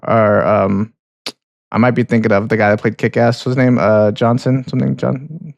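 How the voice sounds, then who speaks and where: A man's voice: mid-range voice, steady tone, moderate pace, creaky, dry recording, lo-fi sound. A man co-hosting a movie podcast, loose and rambling, leaning on "yeah" and "like". His voice sits in an ordinary middle range. The sound is dry and close, with no room around it. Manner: laid-back, rambling, frequent "yeah" and "like". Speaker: podcast co-host. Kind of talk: casual movie podcast chat.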